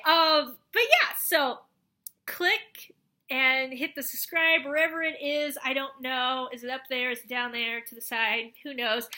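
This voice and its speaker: A young woman chatting casually in a review vlog, animated and full of fillers, often acting out her own reactions. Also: high voice, normal speed. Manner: chatty, animated, lots of fillers and acted quotes. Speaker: show reviewer.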